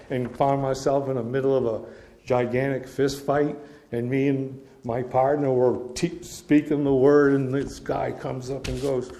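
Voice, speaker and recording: A middle-aged man giving an informal Bible teaching, reading verses aloud and explaining them in a relaxed, storytelling way. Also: mid-range voice, a little hiss or hum. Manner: reads scripture aloud then explains it in a casual, storytelling way.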